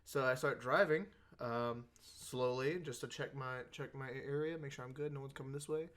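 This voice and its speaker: A man co-hosting a podcast, telling a mishap story in casual chat, laughing a lot and breaking into shouts. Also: mid-range voice, steady tone, moderate pace. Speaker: podcast co-host. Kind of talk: casual chat among friends. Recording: noisy background.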